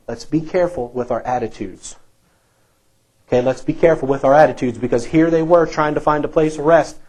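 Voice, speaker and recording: A man's voice: a little high, a little mellow, rough recording. A male pastor preaching a sermon in a church, emphatic and repetitive, asking the congregation rhetorical questions.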